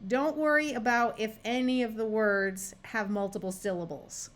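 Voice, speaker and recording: A woman's voice: fairly high pitch, steady tone, moderate pace. A woman with an American accent teaching a phonics lesson as a reading tutor, patiently spelling out sounds and words one by one. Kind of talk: slow, careful phonics lesson.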